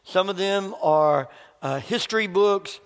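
A man's voice: high voice, lively intonation, measured pace, long reverb tail. A middle-aged man, a pastor, preaching a sermon and telling a family story, acting out the dialogue.

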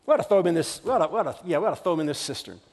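Casting: scheming, resentful shepherd brothers, low muttered plotting, put on by a preacher in a sermon. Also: male voice, expressive, racing, darkish tone, long reverb tail.

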